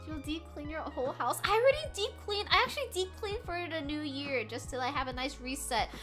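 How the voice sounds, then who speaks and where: A woman streamer chatting casually with her viewers from a room at home while doing crafts, animated and swearing freely as she reacts loudly to chat. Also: sits high, fairly quick, over music.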